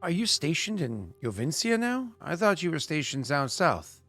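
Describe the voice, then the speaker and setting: A man's voice: on the high side, very animated, normal speed, fairly bright tone, faint music behind, voice pushed up, heavily acted. Stern male centurion, cold and suspicious, clipped probing questions, as a game master puts him on.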